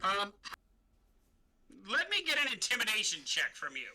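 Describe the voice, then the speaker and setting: A man with a high, very bright voice narrates as game master. He rambles through his scene descriptions, stopping and restarting with plenty of fillers. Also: huge pitch swings, normal speed, low-quality recording.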